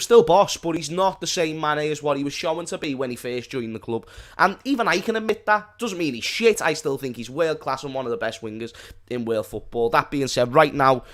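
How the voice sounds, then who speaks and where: A man co-hosting a casual football chat, jokey and opinionated. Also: fairly high pitch. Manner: jokey, opinionated, bursts into laughter. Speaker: podcast co-host.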